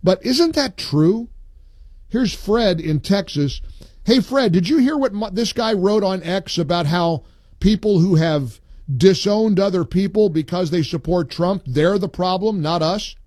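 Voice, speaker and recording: A man's voice: sits high, expressive, measured pace, darkish tone, no echo, clean studio sound. A man hosting a talk radio show, taking callers and reading listener posts with emphasis. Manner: emphatic reading aloud, opinionated.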